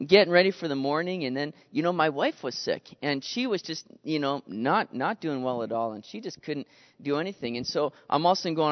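Guy preaching a sermon, high voice, lively, dull lo-fi sound w long reverb. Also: fairly quick. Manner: animated, acts out quoted voices. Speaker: pastor.

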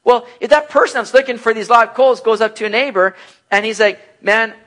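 Animated, high-voiced male preacher. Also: fairly quick. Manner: lively, acts out bubbly and gloomy voices in his examples. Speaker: pastor. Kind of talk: expository sermon, casual and animated.

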